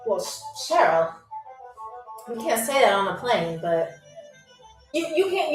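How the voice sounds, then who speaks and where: High, playful woman hosting in an echoey room. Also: very animated, slow pace, pauses often, faint music behind. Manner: playful, teasing, sarcastic. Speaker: game show host. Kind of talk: live-stream chat with viewers.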